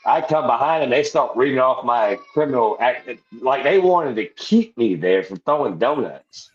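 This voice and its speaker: In a slightly dull, roomy recording, a man with a mid-range, animated voice holds forth at a moderate pace. As a veteran podcast guest, he tells a long, rowdy, casual story, swearing a lot and laughing along the way as it rambles.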